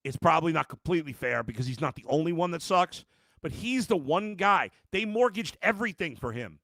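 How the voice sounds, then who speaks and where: A man's voice: fairly high pitch, expressive, brisk, a bit bright, dry recording. A middle-aged man hosting a live sports podcast, ranting emphatically at viewers with lots of restarts. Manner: addresses viewers directly as folks. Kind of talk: live postgame reaction podcast.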